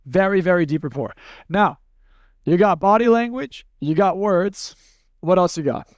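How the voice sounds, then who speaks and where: A man leading a live seminar workshop, talking bluntly and casually, running demonstrations with volunteers and slipping into quick acted snippets. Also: high-pitched, expressive, clear, resonant tone, no echo, studio quality. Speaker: seminar speaker.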